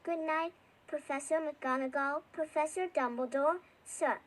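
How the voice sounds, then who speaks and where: A woman's voice: high-pitched, steady tone, a little slow. A woman reading as a huge, shaggy male giant who sobs and stammers through his words. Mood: tearful. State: sobbing.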